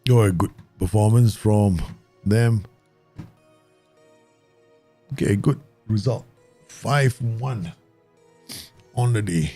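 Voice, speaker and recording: A man talks his viewers through his football management game, excitable and quick to laugh. His voice is low, warm and gravelly. Faint game music plays under him. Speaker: gaming YouTuber. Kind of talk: Football Manager let's play commentary.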